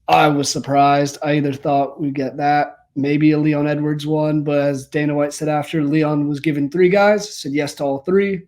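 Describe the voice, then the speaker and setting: A young adult man co-hosting a casual MMA podcast, talking in a relaxed, conversational way that trails off softly. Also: a little high, normal speed, hardly any pauses.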